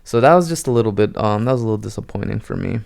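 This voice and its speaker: A man's voice: fairly low pitch, animated, rapid-fire, creaky, darkish tone. A young man giving a casual, rambling film review, full of fillers, who acts out lines from the movies as he goes.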